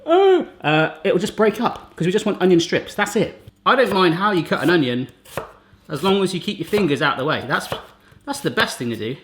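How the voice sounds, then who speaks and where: A man's voice: high-pitched, big pitch swings, fairly quick, fairly bright tone, a little hiss or hum. Chatty man with a raised voice. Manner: chatty, jokey, rambling asides. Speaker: cooking channel host. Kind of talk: casual cooking demonstration.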